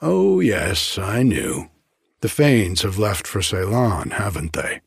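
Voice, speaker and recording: A man's voice: on the low side, very animated, takes it slowly, gravelly, breathy edge, no echo, studio quality, exaggerated voice. A man reading a casual, haunted young stranger. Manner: casual and friendly, quietly haunted. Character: tall young man, haunted but friendly.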